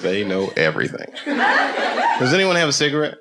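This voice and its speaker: A man working a live comedy stage with a very lively, sweeping voice. He talks loosely and profanely, hopping into squeaky mock voices. Loud noise fills the room behind him. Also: a little fast. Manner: animated, jumps into high mock voices, swears freely. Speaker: stand-up comedian. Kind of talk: live stand-up routine with crowd work.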